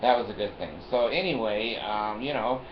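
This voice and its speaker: A man's voice: fairly low pitch, normal speed. Older man, rambling storyteller, chuckling, roomy lo-fi sound, faint hiss. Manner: chuckling, storytelling, repeats phrases. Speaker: vlogger.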